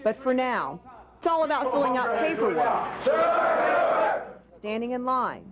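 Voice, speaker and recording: A man reporting the news in scripted, measured narration. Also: very high-pitched, lo-fi sound, a loud crowd. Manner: even, measured delivery.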